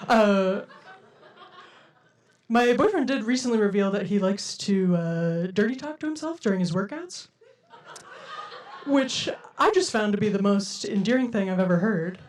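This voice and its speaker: Young woman stand-up from Denver, lilting and quirky, mid-pitched voice. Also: lively intonation, a little slow, pauses often. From Denver, USA. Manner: lilting, quirky, self-described silly way of talking. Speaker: stand-up comedian. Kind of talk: stand-up routine. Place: comedy stage before a live audience.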